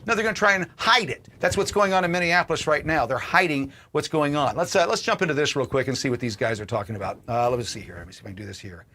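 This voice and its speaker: A man's voice: fairly high pitch, fast, hardly any pauses, pushed and bright. A man hosting a political livestream, ranting angrily and cursing, often repeating words and restarting sentences. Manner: angry, profane, repeats and restarts. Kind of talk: ranting commentary.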